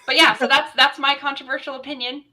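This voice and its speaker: A woman's voice: high-pitched, little pitch movement, fast talker, crowd noise, low-quality recording. A woman in casual group chat, giving her opinions at length with many restarts.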